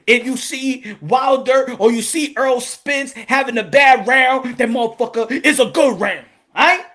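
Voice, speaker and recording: Hosting a boxing channel on a live stream, a man with a very high voice speaks a little slowly but comes across loud, rowdy and swaggering. Now and then he breaks into Spanish.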